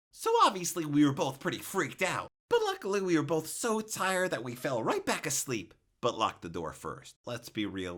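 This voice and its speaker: A young man, narrating a comic storytime in an animated, exaggerated way with jokey asides. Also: on the high side.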